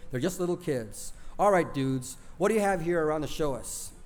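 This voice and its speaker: A man as a teen boy calming everyone down. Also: a little high, moderate pace, natural voice. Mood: placating. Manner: placating, casual slang. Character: older teen boy cousin, calming others.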